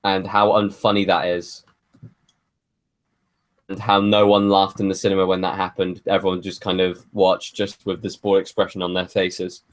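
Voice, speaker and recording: A man's voice: low voice, completely flat delivery, normal speed. A man co-hosting a film podcast, speaking casually in a blunt, weary and dismissive way. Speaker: podcast co-host. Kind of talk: casual film review chat.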